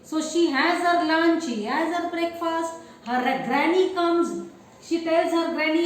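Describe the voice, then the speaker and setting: A woman's voice: extremely high pitch, a little slow. A woman teacher with an Indian English accent, giving a classroom lesson, repeating herself and asking the class questions. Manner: repetitive, asks the class questions. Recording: very echoey room, faint hiss.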